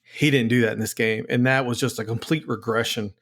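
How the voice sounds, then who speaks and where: A man's voice: mid-range voice, fairly even intonation, fairly quick, a bit bright. Fed-up man ranting on a podcast. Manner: frustrated, ranting with restarts. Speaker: podcast co-host. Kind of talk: casual sports chat.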